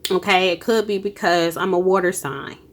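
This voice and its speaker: Speaking at normal speed in a fairly low voice, a woman offers a casual spiritual card reading focused on energy. She's emotional and encouraging, full of emphatic exclamations and everyday, colloquial phrasing.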